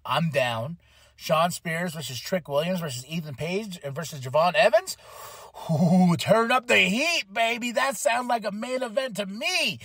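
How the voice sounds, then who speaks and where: A man hosting a podcast, recapping a wrestling show in a casual, chatty way and acting out lines in quick voices. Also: sits high, expressive, fairly bright tone, no echo, studio quality. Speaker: podcast host.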